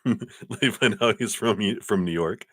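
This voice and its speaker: A man giving a live-streamed tarot reading in a chatty, animated way, laughing often as he tells stories. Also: fairly low pitch, creaky, breathy edge, no room sound, studio quality. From lives in Colorado. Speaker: tarot card reader.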